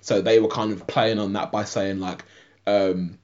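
A man's voice: fairly low pitch, flat delivery, a little slow, darkish tone. Man, podcast co-host, rambling recap, lots of "like", dull lo-fi audio. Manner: rambling retelling, heavy use of "like", frequent laughter. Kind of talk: casual film and TV review chat.

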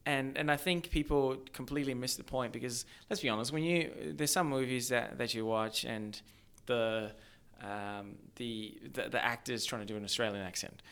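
A man with a mid-range voice chats about film in a loose podcast conversation. He rambles, restarts his sentences, and gets animated as he goes. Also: medium pitch, normal speed, few pauses, clean tone. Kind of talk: casual film discussion.

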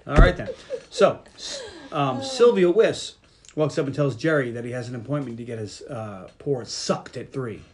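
A man hosting a podcast, casually recapping a movie and acting out its lines with lively retelling. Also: mid-range voice, normal speed. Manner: animated retelling, acting out quotes. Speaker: podcast host.

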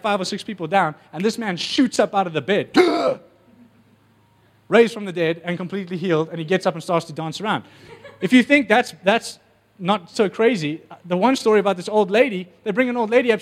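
A man preaching a sermon, telling stories with animated energy and acting out the voices. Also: high voice.

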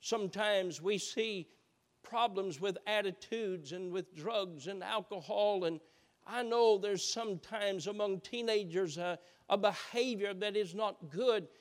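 A male pastor preaching a sermon, swinging between soft, quiet stretches and impassioned, rising passages. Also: high-pitched, a little slow. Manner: builds to impassioned shouting, then drops soft.

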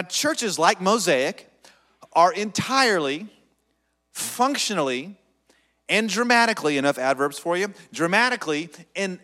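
A man pastor preaches with an animated voice that rises and falls widely, his pitch sitting a little high for a man. He leads the congregation in call-and-response. His voice rings with the long reverb of a large hall. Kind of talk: sermon.

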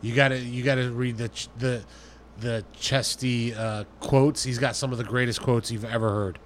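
A man talking casually as a guest, thinking aloud in halting bits with restarts. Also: medium pitch, fairly even intonation, a little hiss or hum. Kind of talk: casual chat.

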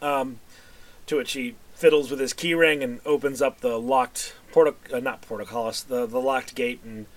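A man's voice: mid-range voice, steady tone, moderate pace. A man narrating as game master for a tabletop game, rambling with fillers and self-corrections.

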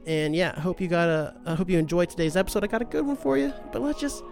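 A man's voice: sits high, fast, creaky, over music. A man hosting a podcast, rambling in a profane, self-deprecating monologue and saying dude a lot. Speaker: podcast host. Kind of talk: casual monologue.

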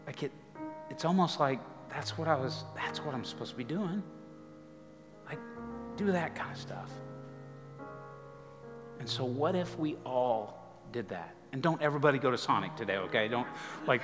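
A male pastor preaches in a live church hall, his voice carrying a long reverb tail. Music plays softly underneath as he tells his story. He talks casually, rising into animated bursts and dropping to near whispers. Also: on the high side, moderate pace. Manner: conversational, animated storytelling with dramatic drops to quiet. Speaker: guest pastor. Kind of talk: storytelling sermon.

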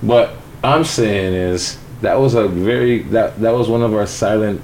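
A man's voice: fairly low pitch, a little slow, darkish tone, slight background noise. A man co-hosting a podcast in casual, joking banter, swearing freely. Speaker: podcast co-host. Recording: roomy echo with crowd chatter.

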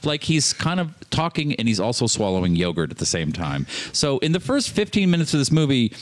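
A man's voice: huge pitch swings, brisk. Joking sarcastic guy, voice jumps all over the place. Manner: jokey, sarcastic, swings widely in pitch. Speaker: movie podcast co-host. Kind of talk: comedic mock-courtroom banter.

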